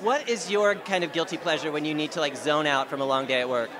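A man's voice: a little high, quick pace, fairly bright tone. A man interviewing an actress on a red carpet, asking upbeat, complimentary questions. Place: outdoor red carpet event. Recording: busy crowd noise outdoors.

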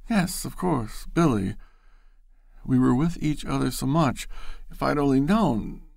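A man's voice: medium pitch, expressive, measured pace, creaky, a little mellow, no room sound, studio quality, pitched above the performer's own voice. A man reading a storybook aloud, voicing a distraught, tearful young woman who sobs and pleads. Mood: pleading. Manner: sobbing, pleading.

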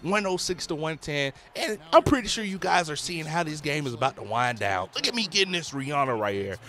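A man, a father, giving excitable, slangy play-by-play commentary over his own video game session. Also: fairly high pitch, brisk. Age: adult, a parent. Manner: excitable, slangy hype talk. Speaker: gaming YouTuber.

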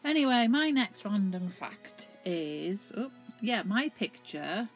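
A woman's voice: mid-range voice, big pitch swings, slow pace, faint music behind. A young woman co-hosting a casual chat, giggling often as she shares stories. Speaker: co-host.

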